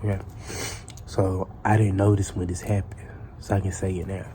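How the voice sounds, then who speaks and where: A man's voice: low-pitched, level tone, normal speed, warm tone, a little hiss or hum. A man telling a casual storytime tale in a profane, rambling way, full of restarts.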